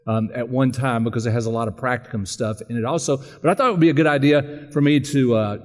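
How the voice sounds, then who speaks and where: A man serving as pastor, relaxed and halting, introducing and interviewing a guest during a church service. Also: medium pitch. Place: large church sanctuary. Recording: long church reverb.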